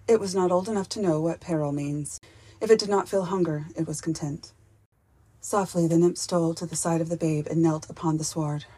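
A woman reading a children's fairy-tale audiobook aloud in a gentle, unhurried storybook narration. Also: low-pitched, husky, no echo. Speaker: audiobook reader.

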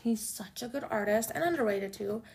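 A young woman chatting casually as a music vlogger, gushing like an excited fan. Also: a little high, moderate pace, creaky. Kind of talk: casual chat.

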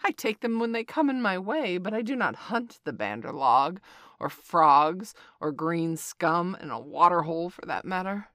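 A woman voicing a huge male rock python in a storybook reading, speaking slowly and deliberately. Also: fairly low pitch, animated, a bit bright, no echo, studio quality. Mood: dismissive. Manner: slow, drawn-out, deliberate.

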